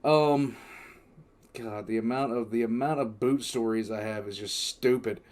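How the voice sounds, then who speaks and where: A man's voice: mid-range voice, moderate pace, darkish tone. A man hosting a reaction video, talking casually to camera with lots of ums and self-deprecating asides.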